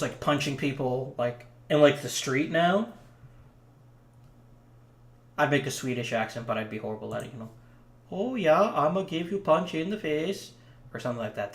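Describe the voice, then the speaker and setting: A man with a medium-pitched, fairly even voice talks a little fast in a reverberant space. He's a let's play commentator chatting casually about the hockey management game he's playing, rambling with lots of ums.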